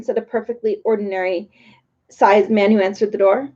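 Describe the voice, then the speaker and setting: A woman reading a children's story aloud with lively, playful narration. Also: mid-range voice, normal speed. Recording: dull lo-fi recording.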